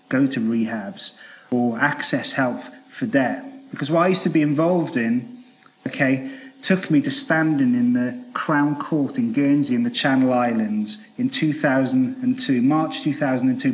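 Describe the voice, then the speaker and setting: Welsh man, thirties, earnest speaker telling his story to a church crowd, halting delivery. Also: medium pitch. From Wales. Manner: earnest, halting with frequent fillers and restarts. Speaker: charity debt worker giving testimony. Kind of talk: testimony talk to a church audience.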